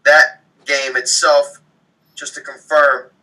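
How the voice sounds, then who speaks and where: Matter-of-fact man, off-mic and bright. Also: a little high, flat delivery, slow pace, far from the mic, poor audio. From abroad, came to the US at ten. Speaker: co-host on a sports betting show.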